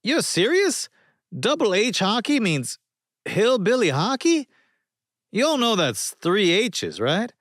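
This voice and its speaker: A bouncy, high-pitched ex-football star, yelping in disbelief at every new surprise, as a male narrator puts him on. He sounds loud and lively, leaping around in pitch, recorded dry and close. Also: no echo. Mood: incredulous. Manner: incredulous, quick exclamations.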